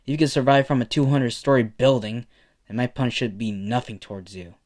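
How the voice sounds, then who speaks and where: A hot-headed teenage boy rival with a foul mouth and a sarcastic edge, put on by a man telling a fan story. He speaks bluntly at an ordinary middle pitch. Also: fairly quick, a little mellow, lightly acted.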